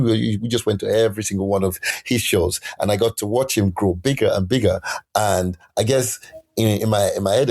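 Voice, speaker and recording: A man, a musician and poet, telling stories in a casual interview, animated and acting out quotes in other voices. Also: on the low side, slightly rough. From United Kingdom. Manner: animated, laughing, acts out quotes in shifting voices.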